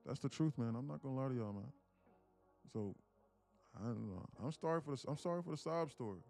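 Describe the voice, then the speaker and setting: A man's voice: medium pitch, lively intonation, a little fast, creaky, darkish tone, soft background music. A young man hosting a day-trading livestream, who chats casually, swears freely, rambles and often laughs. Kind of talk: casual live-stream chat.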